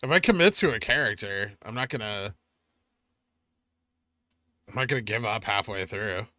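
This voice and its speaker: A middle-aged man with a fairly low, bright and forceful voice hosts a finance stream at a moderate pace, reading comments and chatting casually. His humor is joking and self-deprecating. The recording is dry, with clean studio sound.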